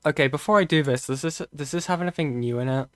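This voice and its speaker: Halting man streaming live commentary. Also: fairly high pitch, dry recording, clean studio sound. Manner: halting, thinking aloud with restarts and frequent okays. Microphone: close desk mic.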